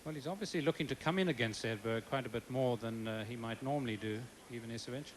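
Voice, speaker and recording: A male co-commentator gives analysis of the tennis, stopping often with "uh" as he thinks. His voice sits in a middle range and is buried under loud broadcast noise. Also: medium pitch. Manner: analytical, with frequent "uh" pauses. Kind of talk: live sports analysis. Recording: very noisy old TV broadcast.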